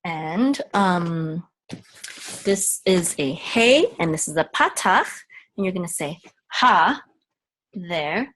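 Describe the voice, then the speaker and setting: A woman gives an unhurried reading lesson, walking through each letter and vowel one at a time. Her voice sits on the low side, and she talks slowly. She often pauses on ums and corrects herself as she goes. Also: lively intonation, a bit bright. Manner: patient, halting with frequent ums and self-corrections. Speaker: Hebrew teacher. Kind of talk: step-by-step language lesson.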